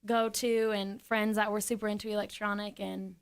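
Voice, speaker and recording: A woman's voice: medium pitch, level tone, moderate pace, vocal fry, clean tone. A woman in her twenties, a singer, telling her story in a casual interview, chatty and giggly with lots of fillers. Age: 20s.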